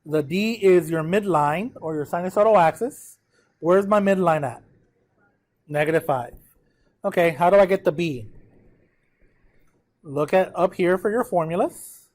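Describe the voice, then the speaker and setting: A man's voice: high voice, a little slow, long pauses, darkish tone. A man teaching a math class, walking students through a graph step by step, counting numbers aloud and often checking that they follow.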